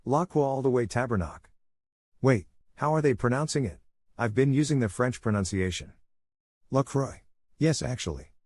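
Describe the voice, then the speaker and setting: A man's voice: mid-range voice, animated, normal speed, a little mellow, no echo. A man narrating forum posts aloud, reading them plainly and lifting his voice playfully on quoted words.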